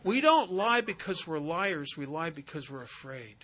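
Here the same kind of AA story comes through a very animated man's voice, fairly high and fairly bright, moving at a normal speed. He tells humorous relationship stories at a recovery meeting, folksy, emphatic and full of wisecracks.

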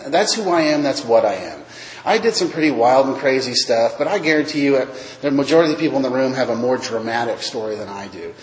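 A man's voice: mid-range voice, animated, quick pace. A man telling his recovery story at a meeting, self-mocking, acting out the other voices in his tale. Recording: echoey hall.

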